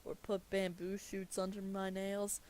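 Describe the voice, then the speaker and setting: A man's voice: high voice, monotone, measured pace, a little mellow. Plankton, a young man doing a whiny little villain. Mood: taunting. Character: small scheming male plankton villain.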